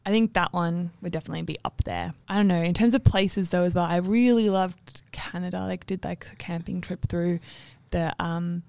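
A young woman with a gravelly, fry-laden voice at a middle pitch, chatting in a relaxed way and chiming in with short, supportive replies. The mic is close and the room sounds dry. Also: normal speed, few pauses, dry recording. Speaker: podcast co-host. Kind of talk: casual chat.

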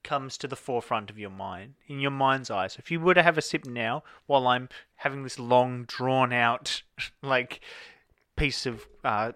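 A man, dry and teasing in a deadpan way as a podcast co-host. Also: mid-range voice, moderate pace, clear, resonant tone, no echo. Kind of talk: casual chat.

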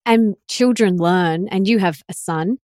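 A woman's voice: mid-range voice, measured pace, darkish tone, no echo, clean studio sound. A woman hosting a podcast in casual conversation, enthusiastic and affirming. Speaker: podcast host.

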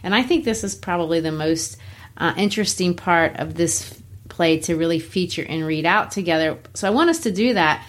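A woman's voice: lowish voice, normal speed. Woman explaining a play in casual terms. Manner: explains then paraphrases the text in plain words. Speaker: teacher. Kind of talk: casual literature lesson.

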